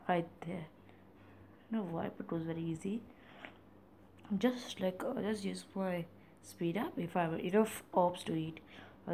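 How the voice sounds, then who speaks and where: A man casually commenting on his own gameplay in a playful, chatty way, sometimes dropping into soft whispery asides. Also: high voice, gravelly, a little hiss or hum. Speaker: gaming channel host.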